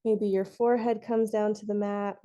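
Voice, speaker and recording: A young adult woman teaching a yoga class, giving calm, encouraging cues with the odd soft laugh. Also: medium pitch, normal speed. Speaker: yoga instructor. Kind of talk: guided yoga class instruction.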